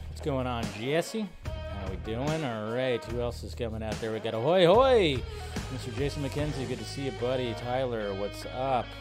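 A man hosting a live show, chatting casually, rambling and repeating himself as he greets viewers by name. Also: on the high side. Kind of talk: casual live-stream chat. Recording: music playing under the voice. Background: music.

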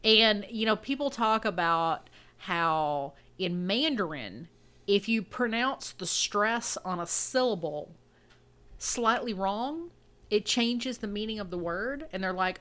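A woman's voice: mid-range voice, expressive, slow pace, a bit bright. A young adult woman co-hosting a podcast, rambling through a casual chat, laughing often and restarting her sentences. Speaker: podcast co-host.

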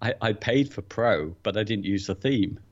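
Low-voiced man, dull sound. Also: normal speed. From England. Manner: hesitant, repeats words when starting. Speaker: podcast co-host. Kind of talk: casual podcast chat.

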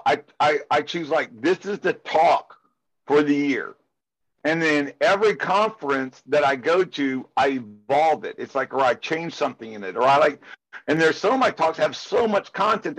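A man with a voice a bit higher than most talks in a loose, rambling way. He keeps sliding into fired-up rants and leans on filler phrases between thoughts. It sounds like casual interview chat. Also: moderate pace, a bit bright, low-quality recording. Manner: rambling, passionate, ranting; heavy filler use of "it's like". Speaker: security conference speaker.

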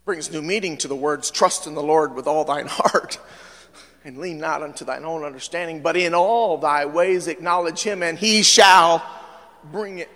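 A man preaching a sermon as pastor, in an animated style that swings from hushed to loud. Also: a little high, moderate pace, big-room sound. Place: church sanctuary.

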